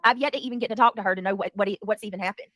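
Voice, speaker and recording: A woman's voice: mid-range voice, rapid-fire, a bit bright, faint music behind. A woman hosting a commentary livestream, talking in an indignant, defensive and emphatic way. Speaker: livestream host.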